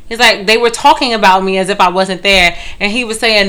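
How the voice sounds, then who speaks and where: A woman from Brooklyn tells a bad-date story in a casual chat. She is blunt and lively and rushes through parts in quick bursts. Her voice is bright and sharp at a middle pitch. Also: clear, resonant tone.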